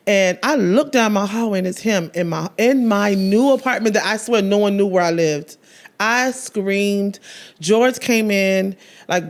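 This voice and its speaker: A woman's voice: medium pitch, fairly quick. A woman guest telling an emotional personal story in an interview, earnestly acting out the conversations she recounts. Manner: emotional, earnest storytelling, acts out quoted dialogue.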